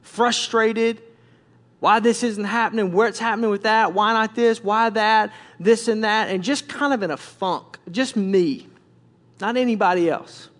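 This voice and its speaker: A man's voice: high-pitched, fairly even intonation, unhurried, fairly bright tone. A male pastor preaching a candid, conversational sermon with frequent restarts.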